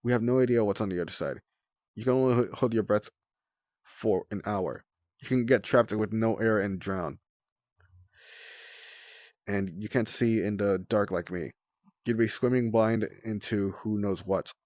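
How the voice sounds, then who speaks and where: Protective young sea dragoness read by a man, urgent and forceful, low voice. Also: measured pace, long pauses, no room sound, natural voice. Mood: insistent. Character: fierce female sea dragonet, bossy and protective.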